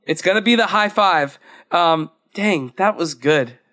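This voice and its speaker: Young male podcast co-host, high-pitched, casual and rambly. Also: measured pace, a bit bright. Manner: chatty, rambling, laughs often. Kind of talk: casual chat.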